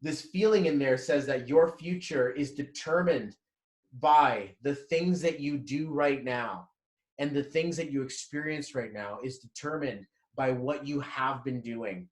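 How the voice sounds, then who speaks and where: A man's voice: medium pitch, unhurried. Candid thirty-something man, echoey sound. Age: 30s. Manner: candid, swears freely, acts out past conversations; walking while talking. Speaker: motivational vlogger. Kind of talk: personal motivational monologue.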